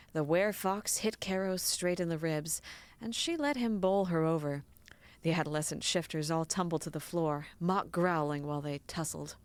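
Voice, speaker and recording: A woman's voice: fairly low pitch, dry recording. A woman streamer reading a romance novel aloud to her co-host in an amused way, breaking into laughter now and then.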